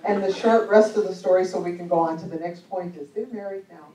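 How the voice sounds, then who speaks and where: Here a woman with a lowish voice talks fast, giving a storytelling sermon as a church conference speaker. She's chatty, funny and often laughs, though the recording is very noisy, echoey and captured from a distance in the hall.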